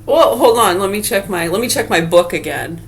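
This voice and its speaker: A woman's voice: medium pitch, lively intonation, moderate pace. A middle-aged woman vlogging in a casual, sarcastic rant full of swearing. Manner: profane, sarcastic, heated. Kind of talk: casual ranting monologue.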